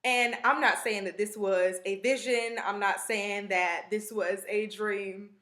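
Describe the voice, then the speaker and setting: A woman's voice: medium pitch, measured pace. A young woman vlogger telling a long story in a chatty, rambling way, full of fillers and asides. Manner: chatty, rambling, animated retelling with many fillers. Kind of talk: casual storytelling to camera. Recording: echoey room.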